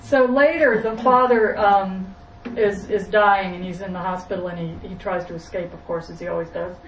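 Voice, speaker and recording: A woman's voice: mid-range voice, fairly even intonation, normal speed, echoey room, distant mic, a little hiss or hum, low-quality recording. A woman retelling a film to a group in a rambling, self-correcting way. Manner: rambling, restarting.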